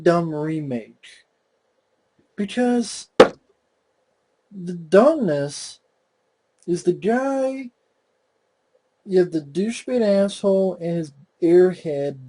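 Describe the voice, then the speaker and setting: A young man vents about a film in a slow, drawn-out delivery, his voice sitting a bit high for a man. He sounds exasperated and mocking and swears constantly, clearly fed up with what he watched. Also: big pitch swings, dark tone. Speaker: movie reviewer. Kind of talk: profane movie rant.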